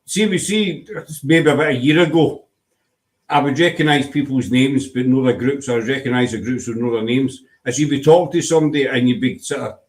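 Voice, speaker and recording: A man hosts a relaxed live chat show, bantering with his guest and reading viewer messages aloud. His voice sits at an ordinary pitch, and his delivery is easygoing and conversational. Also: a little fast. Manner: chatty, teasing, reads viewer comments aloud. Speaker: host. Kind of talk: casual livestream chat.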